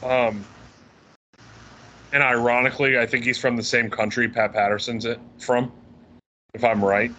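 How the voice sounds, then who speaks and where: A man co-hosting a wrestling podcast, answering trivia in casual chat, thinking aloud and clearing his throat. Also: mid-range voice, level tone, normal speed, pauses often, sharp tone, highs cut off, a little hiss or hum.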